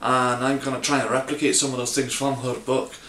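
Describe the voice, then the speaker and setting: A man's voice: mid-range voice, little pitch movement, a little fast, fairly bright tone. A man from Bristol with a put-on Scottish accent over his Bristol one, presenting a recipe in a jokey, self-mocking way. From Bristol, England. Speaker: home cook presenting a recipe. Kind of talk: jokey cooking tutorial. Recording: roomy echo.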